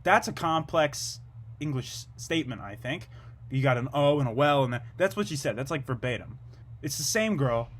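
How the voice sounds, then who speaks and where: A young man delivers an absurd, rambling comedic monologue in a low-key, deadpan manner at normal speed, drifting from one tangent to another.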